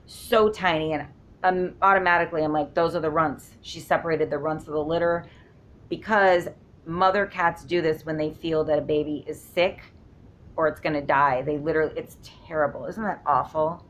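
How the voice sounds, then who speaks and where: A sleep-deprived woman vlogs from home, telling a long, rambling story with emphasis and frequent self-interruptions. Her low voice stays steady at a moderate pace, with a faint hiss or hum in the recording.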